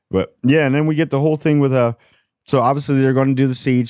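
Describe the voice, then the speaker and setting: A man's voice: medium pitch, brisk, pauses often, clear, resonant tone, no echo. Slangy man giving a casual TV review. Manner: slangy and animated, acts out character quotes. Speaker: TV review host. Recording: dull lo-fi dry sound.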